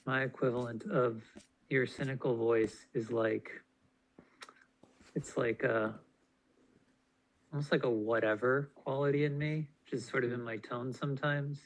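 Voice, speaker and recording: A man talking reflectively in a group discussion, halting and searching with many fillers. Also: mid-range voice, steady tone, rough recording.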